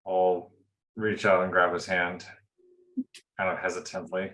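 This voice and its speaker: A man at a tabletop game with a very deep voice, who talks slowly and hesitantly. His words come out unhurried. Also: level tone, fairly bright tone. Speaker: player.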